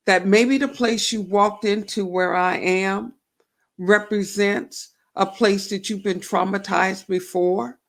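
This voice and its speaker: A woman's voice: medium pitch, fairly bright tone. A woman hosting a faith-based talk show, reflecting aloud and asking herself questions. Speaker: show host.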